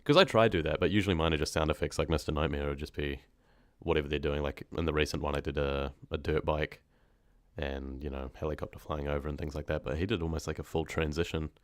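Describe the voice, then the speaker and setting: A young man from New Zealand chats casually with his livestream audience, rambling from one thought to the next and often letting sentences trail off. He narrates horror stories, and here his very low voice comes fast with fairly even intonation. The recording is dry and close, with no sense of a room.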